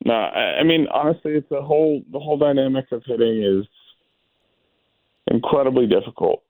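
Gravelly former ballplayer, thoughtful. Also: male voice, medium pitch, darkish tone, no room sound, rough recording. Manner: thoughtful, halting, restarts phrases. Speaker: guest, former baseball player. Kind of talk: casual interview.

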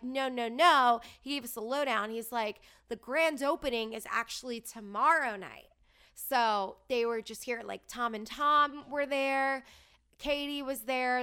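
Her voice is fairly high, bright, clean, and forceful as this thirties-aged woman gushes through a casual story. Bubbly and chatty, she drops "like" into nearly every line.

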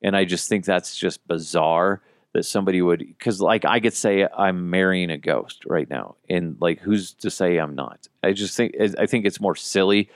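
A young man with a fairly low voice hosts a casual podcast. He tells stories in a joking, animated way. The sound is close and dry. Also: moderate pace, few pauses, dry recording. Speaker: podcast host. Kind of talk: casual chat.

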